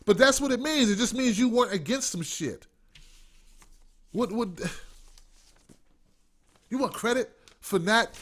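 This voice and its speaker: A man's voice: extremely high pitch, lively intonation, a little slow, long pauses, a bit bright. A man hosting an online show, ranting with sarcastic, profane commentary. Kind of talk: livestream commentary rant.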